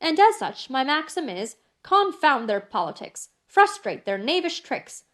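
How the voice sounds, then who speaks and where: A woman reading the part of a brisk, stubborn, fiercely loyal English maid, speaking emphatically in an audiobook. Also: high voice, very animated, a bit bright, pitched above the performer's own voice, full character voice. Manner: emphatic, brusque.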